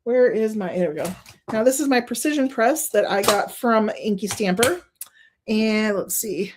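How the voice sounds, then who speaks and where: A woman's voice: a little high, moderate pace, noisy background. A woman hosting a card-making stream, chatting casually and laughing often as she thinks aloud while working. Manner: gushing, openly emotional. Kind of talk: casual crafting demonstration.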